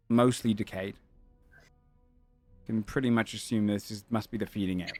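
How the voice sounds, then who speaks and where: A man's voice: on the low side, darkish tone, dry recording. Man narrating as game master. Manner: descriptive, with frequent fillers and self-corrections.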